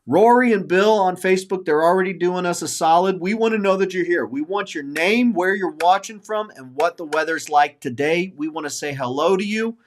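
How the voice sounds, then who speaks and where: A man's voice: high voice, moderate pace, hardly any pauses. A man in his forties hosting a casual podcast, talking earnestly and openly about his feelings, circling back and repeating himself as he goes. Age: 40s. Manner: earnest, openly emotional, rambling with repeated phrases. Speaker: podcast host.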